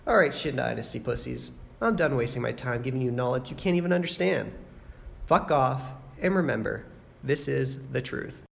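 A man's voice: lively intonation, normal speed, gravelly. A man delivering a boastful, trash-talking mock radio segment to his rival league members. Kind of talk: mock radio show taunt. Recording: low-quality noisy recording.

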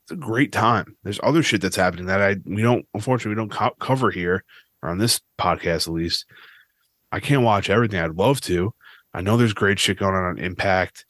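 Male podcast host, low voice, dry close sound, swears freely while ranting. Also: brisk, a bit bright, no echo. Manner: profane, ranting, restless. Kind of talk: casual podcast rant.

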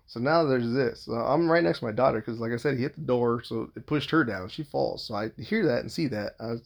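A man's voice: medium pitch, a little fast, creaky, few pauses. A man telling a rambling personal story in a casual monologue, swearing freely and restarting his sentences.

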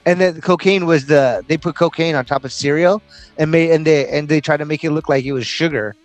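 A young man chats loosely on a podcast, his voice sitting a little high. He swears freely and rambles through slangy stories. Faint music plays behind him. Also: a little fast. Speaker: podcast co-host. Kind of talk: casual chat.

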